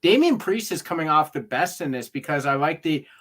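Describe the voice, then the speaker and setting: A man co-hosting a casual chat, lively and laughing often as he acts out what others said. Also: on the high side, fairly quick. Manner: animated, acts out quotes in voices. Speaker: podcast co-host. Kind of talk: casual chat reviewing wrestling.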